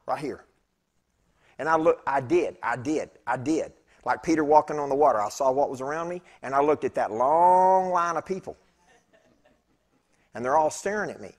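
A man preaching in church, telling a personal story in a chatty, animated way with laughing asides to the congregation. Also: medium pitch, moderate pace, long pauses. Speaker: pastor. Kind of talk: storytelling sermon. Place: church sanctuary.

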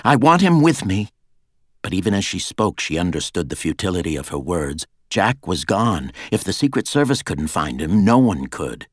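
A man narrating a thriller audiobook in a measured, dramatic reading on a close studio mic. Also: low voice, expressive, dry recording. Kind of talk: scripted narration.

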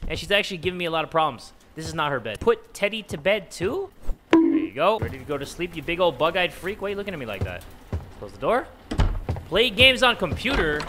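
A man's voice: on the high side, sing-song, brisk, over music. A man doing jokey let's play commentary, talking to the game characters and yelping at jump scares. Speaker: gaming video creator.

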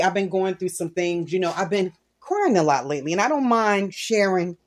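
A woman's voice: low voice, lively intonation, normal speed, hardly any pauses, a little hiss or hum. A middle-aged woman hosting a home cooking video, talking candidly and earnestly about her faith while she cooks. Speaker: cooking channel host. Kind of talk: casual cooking vlog with personal testimony.

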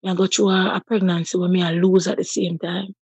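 A Jamaican-accented woman in her thirties gives a personal testimony in a husky, mellow voice, full of deep feeling and slipping into patois. She talks fast in a level tone, and the recording is dry and close.

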